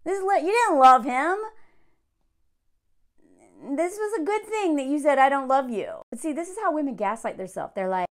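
A woman giving casual reaction commentary in an animated, exasperated and sarcastic way. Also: high-pitched, normal speed, long pauses. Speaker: online commentator.

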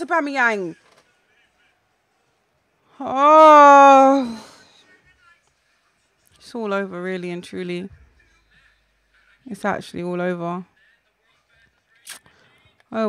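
A young woman reacting out loud while playing a football video game, shouting, groaning and talking to people in the room. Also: medium pitch. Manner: talks back to people in the room. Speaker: gaming YouTuber.

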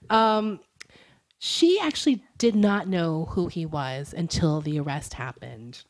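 A woman's voice: medium pitch, big pitch swings, normal speed, a little mellow. A young adult woman co-hosting a casual true-crime podcast, chatty and giggly as she reads quotes aloud. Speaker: podcast co-host.

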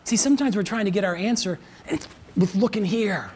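A pastor preaching a sermon in an animated way, with frequent restarts and laughing asides. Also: medium pitch, brisk, slight background noise.

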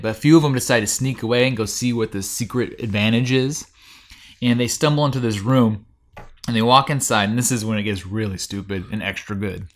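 A man's voice: mid-range voice, a little fast. A man hosting a podcast, recapping a TV show in a rambling casual chat full of fillers and restarts. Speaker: podcast host.

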